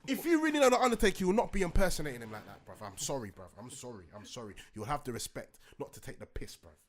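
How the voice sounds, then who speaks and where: A man's voice: mid-range voice, very animated, rapid-fire. A man ranting in casual podcast banter, slangy and repetitive, with friends laughing around him. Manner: ranting, slangy, repeats himself.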